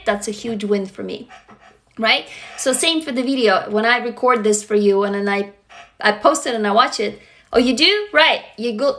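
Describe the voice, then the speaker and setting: Woman, high bright voice, frank casual livestream host, swears freely. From Russia. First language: Russian. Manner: frank, affectionate, swears freely, greets commenters. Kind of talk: casual livestream talk to viewers.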